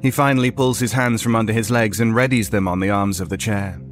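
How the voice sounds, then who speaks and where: A man narrating a horror story in a measured, storytelling way. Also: fairly low pitch, steady tone, soft background music.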